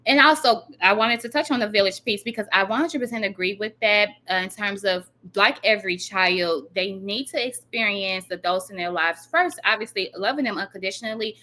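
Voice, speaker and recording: Bright-voiced woman giving earnest advice. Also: mid-range voice, a little fast, hardly any pauses. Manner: emphatic, earnest advice with eager agreement. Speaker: podcast guest, educator. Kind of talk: casual podcast conversation.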